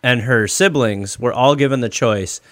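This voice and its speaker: A man in casual podcast chat, trading jokes with a lively, animated delivery. The sound is dry and close, with no room echo. His voice sits at an ordinary middle pitch. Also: moderate pace. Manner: jokey, animated, slips into mock accents. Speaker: podcast host.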